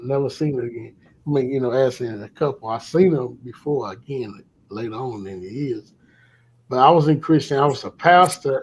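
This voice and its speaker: Husky man telling a candid story. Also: medium pitch, highs cut off. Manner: candid, confessional, trails off softly at times. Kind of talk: casual storytelling chat.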